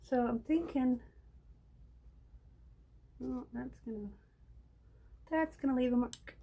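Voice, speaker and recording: Chatty woman with a mellow voice. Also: high voice, takes it slowly. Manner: rambling, chatty, talks to viewers while working. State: has hiccups. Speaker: live-stream craft host. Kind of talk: casual chatty live painting stream.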